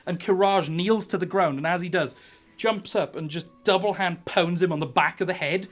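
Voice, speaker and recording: A young man narrating a tabletop game as game master, animated and laughing often between his descriptions. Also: high voice, normal speed.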